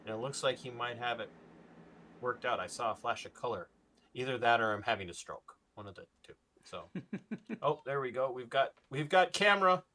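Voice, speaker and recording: In an impassioned podcast rant, this talk-show co-host speaks at a moderate pace with a medium-pitched, bright, forceful voice. He's animated and stresses his words hard, his pitch rising whenever he gets worked up.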